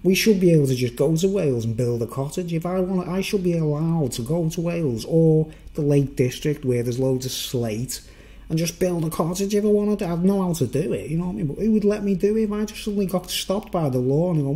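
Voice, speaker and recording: A man's voice: high-pitched, brisk. A man talking in a rambling, hesitant monologue, often restarting and chuckling. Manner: animated, with chuckles. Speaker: vlogger.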